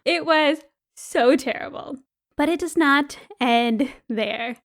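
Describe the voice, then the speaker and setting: A young adult woman co-hosting a podcast, telling a story in casual chat, animated and laughing often. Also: high-pitched, takes it slowly. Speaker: podcast co-host.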